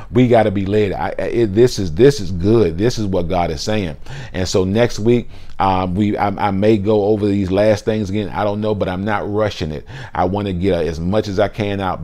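Man, low voice, preaching, animated, repeats himself, casual talk to online viewers, phone mic. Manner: animated preaching, repeats words and restarts, casual Southern-style "y'all". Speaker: pastor. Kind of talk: livestream sermon.

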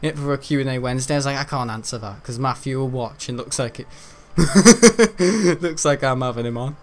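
A young man in his teens, mid-range in voice and moderate in pace, hosts a gaming video. He keeps up a rambling, chatty let's-play commentary while playing and often laughs.

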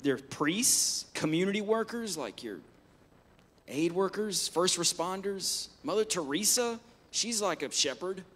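A man's voice: high-pitched, lively intonation, measured pace, a bit bright. A man preaching a sermon in church, speaking emphatically with frequent restarts. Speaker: pastor. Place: church, live-streamed service.

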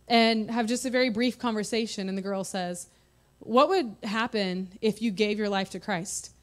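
A woman in her thirties giving an earnest, conversational personal testimony in church. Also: fairly high pitch. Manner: earnest, conversational, heartfelt storytelling.

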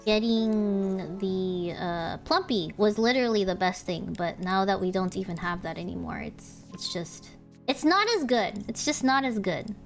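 A woman's voice: medium pitch, unhurried, gravelly, faint music behind. A woman streaming a card game, thinking aloud, swearing and squealing when things go wrong. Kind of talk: casual gameplay streaming.

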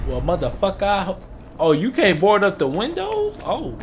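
A man giving casual gameplay commentary as a gaming channel host, loud, profane and jokey, talking trash to the enemies. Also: high-pitched, huge pitch swings, moderate pace, noisy background. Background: game music and gunfire.

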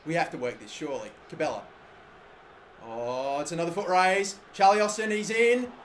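A young man giving live, excitable commentary on a football video game, swearing often and swinging between muttering and shouting. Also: a little high, moderate pace, slight background noise. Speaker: gaming video host.

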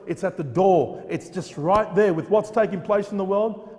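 A man's voice: sits high, moderate pace, few pauses, mellow, long reverb tail. A man preaching a fervent sermon in a church, repeating phrases and firing off rhetorical questions.

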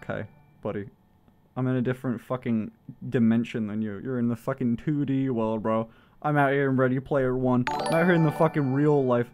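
A man's voice: medium pitch, a little fast, darkish tone, faint music behind. A young man livestreaming, chatting casually with his viewers, joking, swearing and laughing often. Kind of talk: casual chat reading out chat messages.

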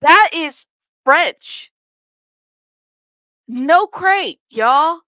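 Woman live-streamer, high bright voice, gravelly, dull dry sound, chatty and joking. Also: expressive, extremely slow, no room sound. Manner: chatty, joking asides, laughs often. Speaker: commentary channel host. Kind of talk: live-stream commentary reading chat.

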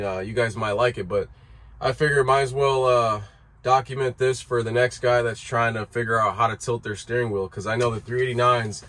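A man with a medium-pitched, fairly bright voice explains a repair while vlogging from his truck cab. It's a casual how-to, laid-back and rambling, with many fillers and restarts.

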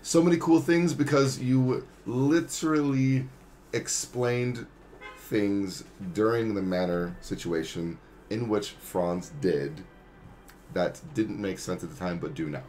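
Man player, very deep voice, unhurried and halting, faint music behind. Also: darkish tone. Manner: slow, halting, with frequent ums. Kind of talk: tabletop game play, reading and casual talk.

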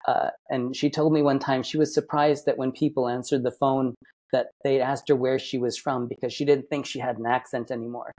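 A man from Massachusetts chats as a podcast guest, rambling through his stories. He often restarts and corrects himself mid-sentence. His voice sits at an ordinary middle pitch. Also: flat delivery, a little fast, a little mellow. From Massachusetts, United States. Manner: rambling, self-correcting storyteller. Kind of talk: casual interview chat.

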